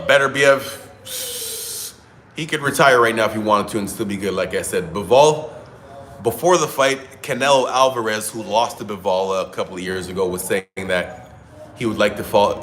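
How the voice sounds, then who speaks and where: A man's voice: lowish voice, fairly bright tone, a little hiss or hum. A man hosting casual solo boxing commentary, talking in a conversational, opinionated way and thinking aloud. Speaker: boxing commentator, show host.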